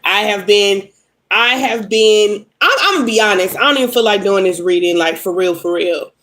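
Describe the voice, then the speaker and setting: On poor audio, a young adult woman speaks at a moderate pace with a medium-pitched, fairly bright voice. Upset and angry during her casual livestream tarot reading, she swears a lot while venting bluntly at commenters.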